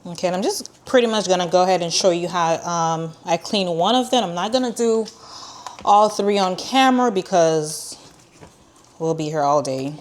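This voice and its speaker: A woman's voice: on the low side, normal speed. A woman hosting a casual cooking tutorial, chatty and rambling, with many ums and restarts and a few dry, sarcastic asides. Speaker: cooking channel host.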